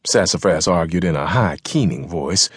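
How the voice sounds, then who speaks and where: A man narrating a crime novel audiobook in a dramatic, expressive style, recorded close in a studio. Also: deep voice, normal speed, husky, no room sound. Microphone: close studio mic.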